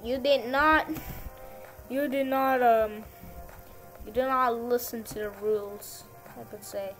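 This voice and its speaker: A woman with a high, bright-pitched voice talks slowly through casual gameplay commentary. She rambles and repeats herself as she lectures her viewers. Faint game music plays underneath. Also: steady tone. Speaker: gaming channel host.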